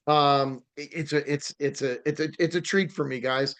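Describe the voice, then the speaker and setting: A man's voice: a little high, fairly even intonation, moderate pace, few pauses, a bit bright. A man hosting a podcast in casual chat, rambling with frequent fillers and restarts. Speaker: podcast host.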